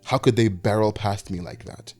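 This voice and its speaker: A man's voice: fairly low pitch, moderate pace, a little mellow, soft background music. A 21-year-old man narrating a scripted video essay with wry, self-deprecating, anxious rambling.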